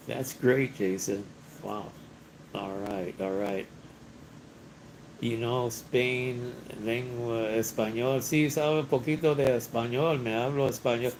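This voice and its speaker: A man's voice: medium pitch, fairly even intonation, takes it slowly, noisy background. A man, hosting a casual livestream from a hotel room. He chats with viewers, reads their comments aloud, laughs often and mixes in bits of Spanish. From Los Angeles, United States. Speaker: livestream host. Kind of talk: casual live-stream chat reading viewer comments.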